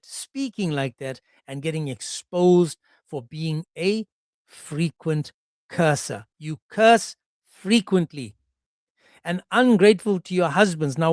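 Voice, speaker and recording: A man's voice: a little high, darkish tone, no room sound. Sarcastic man ranting at a close mic. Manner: mocking, sarcastic, acts out quoted voices. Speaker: commentary channel host. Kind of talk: monologue commentary on a clip.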